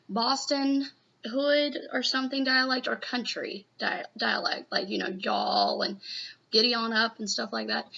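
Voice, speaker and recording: A woman's voice: on the high side, gravelly, bright, forceful tone. A woman chatting casually in a live reaction video, rambling and gushing with lots of "you know.". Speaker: manga reaction vlogger. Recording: muffled lo-fi home recording.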